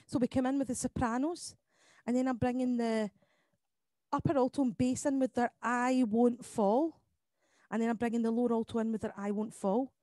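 A woman leading an online choir lesson, explaining each part and counting beats aloud between quick sung demonstrations. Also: a little high, fairly even intonation, dark tone, no room sound. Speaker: choir leader. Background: piano accompaniment.

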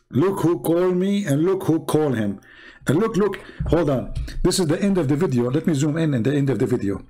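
A man giving sarcastic reaction commentary on videos, mocking and chuckling, in broken English, his voice going hoarse. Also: fairly high pitch, a little mellow. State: losing his voice.

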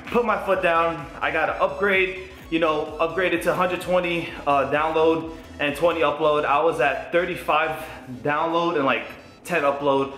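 A young man giving a casual, excitable vlog update, rambling and swearing freely as he talks about his team's matches and his internet upgrade. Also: a little high. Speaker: gaming YouTuber. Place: home room. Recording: echoey room.

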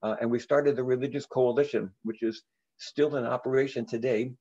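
Older reverend with a halting, earnest delivery. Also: male voice, medium pitch, fairly even intonation, mellow, highs cut off. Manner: earnest, with frequent halting restarts. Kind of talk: storytelling in a recorded interview.

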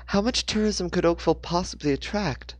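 A man voicing a shy but sharp-tongued teenage vampire girl in a storybook. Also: high voice, fairly quick, no room sound, voice pushed up, close to an everyday voice. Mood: teasing.

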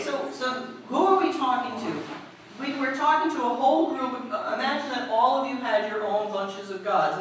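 A woman preacher giving a lively storytelling sermon, asking the congregation questions as she goes. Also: on the high side. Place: church. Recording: echoey hall, distant mic, faint noise.

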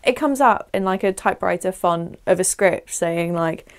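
A woman's voice: a little high, expressive, measured pace. A young woman, chatting effusively to camera as she reviews a film, with frequent "like" fillers.

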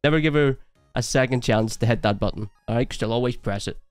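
A man commenting on a video clip in a blunt, joking, opinionated way. His voice has an ordinary middle pitch. The sound is dry and close to the mic. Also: fast talker, smooth, no echo, faint music behind. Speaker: reaction video host. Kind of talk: casual commentary.

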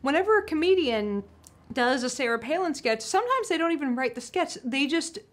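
Casting note: woman, high-pitched, brash, profane, sarcastic. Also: very animated. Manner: brash, swears freely, quick sarcastic asides. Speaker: science communicator. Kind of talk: casual conversation.

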